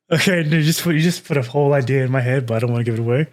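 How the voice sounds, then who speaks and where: A man in his thirties from Texas, hosting a casual podcast chat and telling stories with lots of swearing. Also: mid-range voice. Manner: profane, animated storyteller. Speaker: podcast host.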